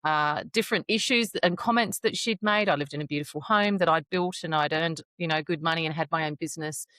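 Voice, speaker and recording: A middle-aged woman talks frankly on a podcast. Her voice sits on the low side, and she acts out her own inner dialogue. The sound is dry and close. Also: a little fast, fairly bright tone, no room sound. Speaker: podcast co-host. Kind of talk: casual chat.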